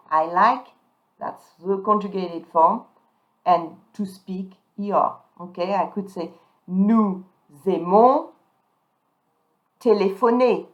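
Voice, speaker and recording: Lady teaching verb endings, says the words slow and clear, kinda muffled lo-fi audio. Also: mid-range voice, fairly bright tone. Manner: slow, emphatic modelling of French words. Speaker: French teacher. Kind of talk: pronunciation lesson. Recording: dull lo-fi sound.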